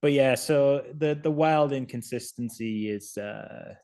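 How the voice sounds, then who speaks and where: A man's voice: medium pitch, unhurried, a little mellow. Wry man reviewing a film. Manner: wry, sarcastic, rambling with restarts. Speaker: podcast co-host. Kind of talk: casual film review chat.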